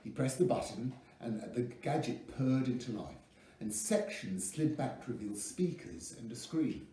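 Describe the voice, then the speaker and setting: A man reading a novel aloud with lively expression. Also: medium pitch, measured pace, a little hiss or hum. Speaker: audiobook reader. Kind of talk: scripted narration. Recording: echoey room, mic at a distance.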